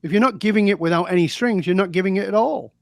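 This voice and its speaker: A man's voice: sits high, quick pace, gravelly, no echo, clean studio sound. A man, a guest in an interview, telling stories and making points in an emphatic, preachy way. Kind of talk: interview conversation.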